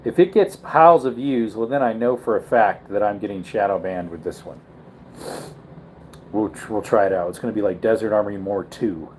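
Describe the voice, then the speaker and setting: A man's voice: fairly low pitch, moderate pace, a little hiss or hum. A man hosting a casual livestream, talking in a rambling way and correcting himself, tired and yawning. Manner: rambling, self-correcting, relaxed. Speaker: livestream host.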